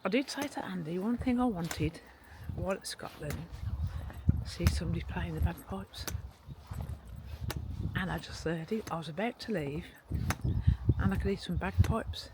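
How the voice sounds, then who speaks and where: This woman, a motorhome vlogger, is out at a castle and so cold she shivers, so her casual, gushing, rambling talk to camera comes out a bit strangely. She speaks at normal speed with a fairly low pitch, and the recording is very noisy.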